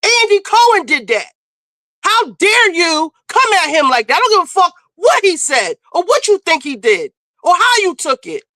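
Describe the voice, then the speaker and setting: Blunt, high-pitched woman streamer scolding. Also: very animated, normal speed, bright, forceful tone, no room sound. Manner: blunt, profane, lecturing; emphatic, scolding. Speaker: streamer host. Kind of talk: casual commentary.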